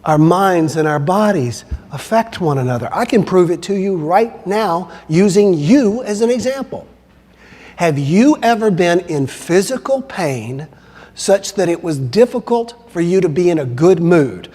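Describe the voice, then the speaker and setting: A man's voice: sits high, expressive, a little slow, dark tone. A man giving a keynote talk, telling a story and acting out the quoted voices. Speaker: motivational speaker. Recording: long hall reverb.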